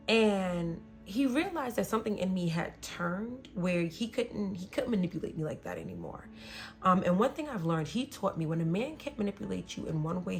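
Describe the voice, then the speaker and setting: Candid woman telling a raw personal story. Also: on the low side. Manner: blunt, emotional, swings between soft and loud. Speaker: podcast host.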